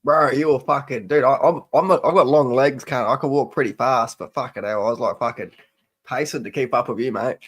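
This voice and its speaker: A man's voice: medium pitch, a little fast, breathy edge. A man chatting casually as a guest on a live show, laid-back and swearing. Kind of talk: casual chat.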